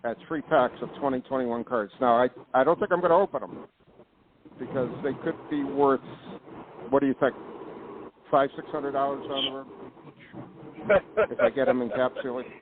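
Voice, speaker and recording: Male podcast host, mid-pitch, rambly and indignant, tinny phone-line audio. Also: steady tone, normal speed, long pauses, background noise. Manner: rambling, indignant, restarts often. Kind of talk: casual chat.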